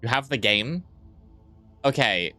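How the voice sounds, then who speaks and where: A man's voice: mid-range voice, animated, slow, bright, forceful tone, dry recording, faint music behind. A young man streaming live, joking crudely and rambling as he reads and answers his chat.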